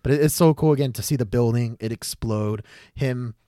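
A young adult man hosting a podcast, chatting excitedly and rambling, with lots of fillers and swearing. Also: mid-range voice, moderate pace, no echo, clean studio sound. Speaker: podcast host. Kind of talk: casual chat.

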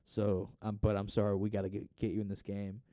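A man's voice: on the low side, monotone, brisk, dark tone, no echo, clean studio sound. A young man in casual chat, rambling and swearing while watching a football match. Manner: rambling, swears a lot, bursts into mock voices.

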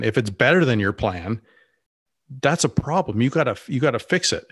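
A man's voice: mid-range voice, moderate pace, fairly bright tone, dry recording, studio quality. A man co-hosting a business podcast, talking casually and rambling with many restarts and asides. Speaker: podcast co-host.

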